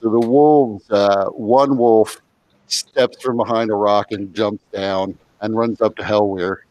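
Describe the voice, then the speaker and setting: A man narrating and refereeing a tabletop game as game master, in a casual, halting way. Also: fairly low pitch, fairly even intonation, darkish tone, dry recording.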